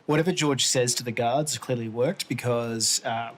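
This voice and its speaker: A man narrating a tabletop game as game master in a relaxed way, with "uh" fillers. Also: mid-range voice, normal speed, a little hiss or hum.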